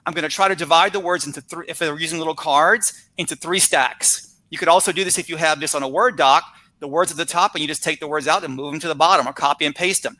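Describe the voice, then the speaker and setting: A man's voice: on the high side, fast, pushed and bright. A middle-aged man giving a conference talk on teaching vocabulary, explaining with energy and checking in with his listeners with "right?" and "all right?". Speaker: ESL teacher presenting at a conference.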